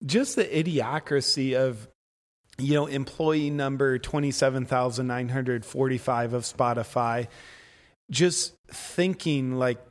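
Man, mid-pitched voice, laid-back mocking chat, long echo around him. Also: measured pace. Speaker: podcast guest, comedy sketch creator. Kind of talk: casual chat.

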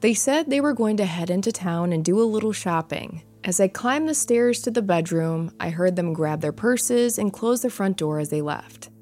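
A woman giving a measured, suspenseful first-person narration of a ghost story. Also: medium pitch, a little mellow. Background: faint music.

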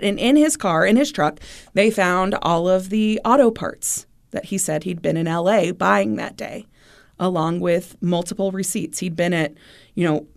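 A woman from the Midwest US, a podcast host, retelling a true-crime case in a chatty way and acting out the people in it. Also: medium pitch. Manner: chatty retelling, acts out dialogue. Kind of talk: casual true-crime storytelling.

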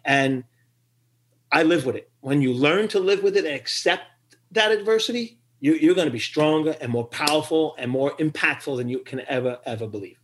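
A man's voice: on the high side, animated, brisk. A middle-aged man tells a story as a podcast guest, with a slightly raised voice. He acts out other people's lines as he goes and laughs often, then turns earnest at the close. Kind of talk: storytelling interview.

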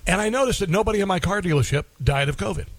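A man's voice: high-pitched, racing, dry recording. A middle-aged man hosting a talk radio show, delivering an opinionated monologue in a combative, indignant tone and repeating phrases for emphasis.

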